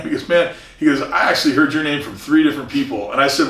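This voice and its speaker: Gravelly, bright-voiced man in a roomy space. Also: mid-range voice, fast talker, hardly any pauses, far from the mic. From Southern California. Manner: earnest, many restarts, acts out quoted people. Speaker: commercial real estate broker, guest. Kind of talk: casual interview talk.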